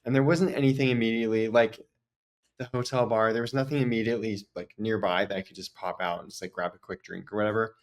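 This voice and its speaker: A man's voice: fairly low pitch, fairly even intonation, fast. A man podcast host telling a story in a casual, chatty way, full of "like" fillers.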